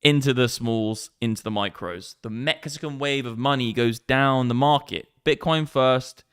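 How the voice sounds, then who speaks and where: A man's voice: mid-range voice, moderate pace, fairly bright tone, clear, resonant tone, dry recording, studio quality. A young man hosting a trading livestream, chatting casually and sweary while reading out viewer comments. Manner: brash, sweary banter with a running joke. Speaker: crypto trading livestream host.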